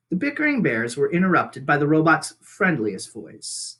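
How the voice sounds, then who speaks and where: A man reading a children's book aloud with expressive storytelling. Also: on the high side, normal speed, hardly any pauses. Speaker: reader.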